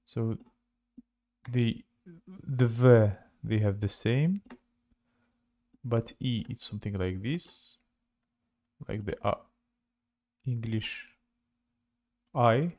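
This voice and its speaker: A man with a Russian accent teaching casually on a livestream, halting and repeating words to compare their sounds. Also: medium pitch, expressive, darkish tone. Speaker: language teacher.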